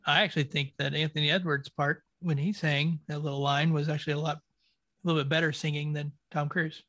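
Earnest man with a slightly high voice. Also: flat delivery, fairly quick, a bit bright, no echo. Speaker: podcast co-host. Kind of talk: casual film chat.

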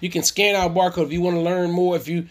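High-voiced emphatic male marriage coach. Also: flat delivery, fast talker. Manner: emphatic, preacher-like, repeats exhortations. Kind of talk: church workshop talk.

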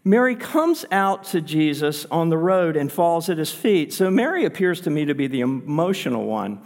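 A man's voice: a little high, sing-song, normal speed, long reverb tail. A man pastor preaching a sermon in an earnest, conversational way, pushing his voice up for emphasis.

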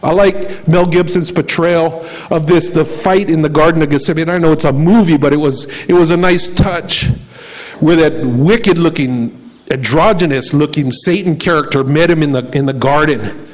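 A male preacher delivering a sermon, firing off rhetorical questions and slowing down to repeat key phrases. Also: fairly high pitch, rough recording.

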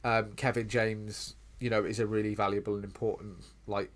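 A man co-hosting a podcast, chatting casually about a sitcom and breaking into mocking high voices. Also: little pitch movement, normal speed. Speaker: podcast co-host. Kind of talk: casual chat.

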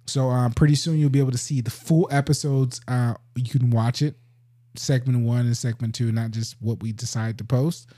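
A man's voice: mid-range voice, fairly even intonation, normal speed, dark tone. A young male podcast host talking casually with his friends. He is laid-back and full of slang, and he laughs easily between points. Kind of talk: casual chat.

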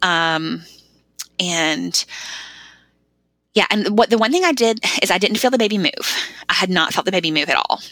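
A woman's voice: fairly low pitch, moderate pace, pauses often, a bit bright, dry recording. A middle-aged woman, a podcast guest, telling a heartfelt personal story in casual, conversational talk full of "like" fillers.

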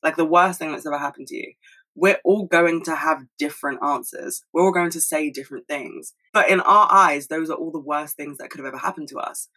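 A woman talking fast and candidly to her camera at home, swearing freely in a casual solo monologue. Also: deep voice, sharp tone, poor audio. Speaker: solo video host.

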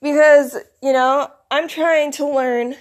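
A woman's voice: high-pitched, steady tone, slow. A woman with a Michigan accent talking in a casual, rambling monologue. She is groggy from just waking up and keeps filling gaps with "like" and "you know". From United States. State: groggy, recently woken. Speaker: vlogger.

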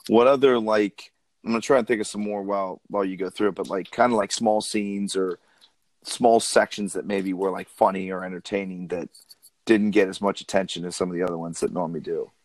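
A man co-hosting a casual chat, talking in a relaxed, laid-back way. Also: deep voice, brisk, no echo.

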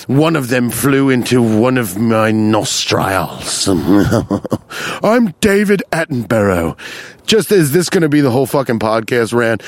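A man's voice: mid-range voice, dry recording. A young adult man hosting a comedy podcast, talking in a profane, rambling, self-interrupting way.

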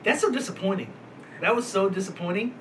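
A man's voice: sits high, expressive, fairly quick. A man co-hosting a casual podcast chat, joking around, laughing often and swearing freely. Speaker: podcast co-host. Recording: noisy background.

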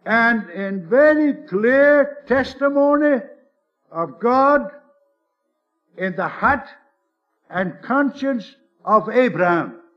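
A man's voice: very high voice, muffled recording. A man preaching a sermon, earnest and emphatic, calling his listeners beloved.

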